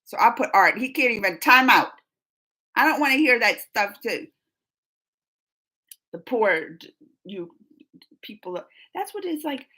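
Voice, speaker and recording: A woman's voice: on the high side, very animated, unhurried, pauses often, pushed and bright, poor audio. A woman hosting a live stream, chatting casually and emotionally while reading viewer comments, laughing often.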